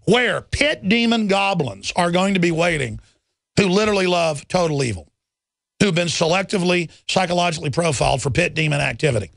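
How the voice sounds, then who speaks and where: A man's voice: high voice, expressive, fairly quick, creaky, fairly bright tone, no room sound. A man hosting a radio talk show, ranting intensely about the government and taking calls.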